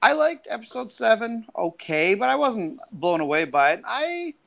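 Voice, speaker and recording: A man's voice: high voice, sing-song, normal speed, gravelly, fairly bright tone. A man in casual chat giving emphatic, opinionated takes on movies.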